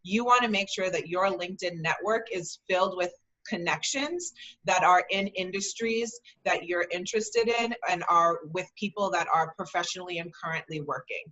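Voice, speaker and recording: Bright-voiced woman giving career advice. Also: fairly low pitch, moderate pace, highs cut off. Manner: earnest, encouraging, with frequent "um". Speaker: guest speaker, career advice. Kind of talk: conversational advice.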